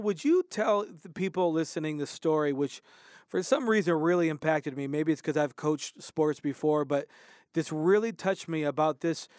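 A man's voice: a little high, a little mellow, smooth, dry recording, clean studio sound. A man hosting a talk show, interviewing a guest in an earnest, emphatic way.

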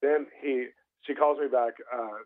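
A pastor telling a story as a guest in an animated, tumbling rush of words. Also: male voice, medium pitch, unhurried. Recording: tinny phone line.

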